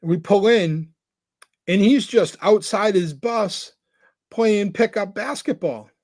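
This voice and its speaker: A podcast co-host with a high, slightly mellow voice speaks slowly, with no room sound in the recording. He tells stories in a rambling, casual chat, peppering it with "like" and frequently restarting his sentences.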